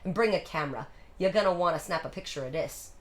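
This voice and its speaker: A woman's voice: fairly low pitch, quick pace, voice pushed down, natural voice. A woman voicing a cocky young male newsboy leader who talks in street slang.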